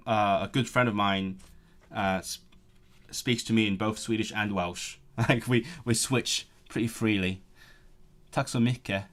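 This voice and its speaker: Man, language learner musing aloud, self-correcting, mid-pitched voice, keyboard typing faintly behind. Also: fairly bright tone. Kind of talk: thinking aloud while studying.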